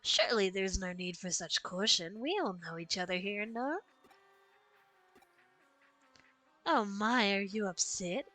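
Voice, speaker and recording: A woman's voice: medium pitch, lively intonation, moderate pace, sharp tone, dry recording, rough recording. A woman reading a smug, scheming villain man. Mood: mocking. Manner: silky, condescending and polite. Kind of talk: reading game dialogue aloud.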